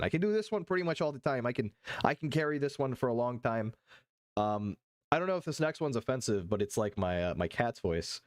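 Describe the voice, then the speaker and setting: A man's voice: mid-range voice, animated, a little fast. A male streamer reacting live to a video, swearing a lot, joking, and jumping between put-on voices. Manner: profane, jokey, jumps between voices.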